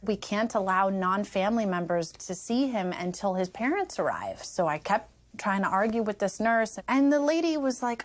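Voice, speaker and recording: Woman, middle pitch, animated, quotes people, documentary interview. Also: moderate pace. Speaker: friend, interviewee.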